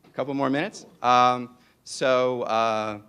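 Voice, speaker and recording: A man's voice: mid-range voice, fairly even intonation, takes it slowly, fairly bright tone, clear, resonant tone. A man from New York with a New York accent gives a public lecture in a playful, digressive way and often asks "right?".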